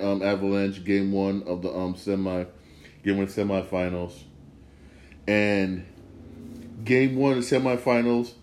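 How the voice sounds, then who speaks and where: A man's voice: lowish voice, darkish tone. Rambling, fired-up man in an echoey room. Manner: rambling, repeats himself, gets worked up. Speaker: podcast host. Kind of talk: casual sports talk.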